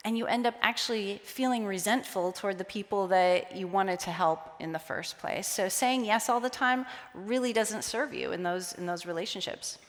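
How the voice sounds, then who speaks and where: Lively woman speaker in a reverberant hall. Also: medium pitch, moderate pace. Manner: lively, acts out quoted voices. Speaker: conference speaker. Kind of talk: conference talk. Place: conference hall.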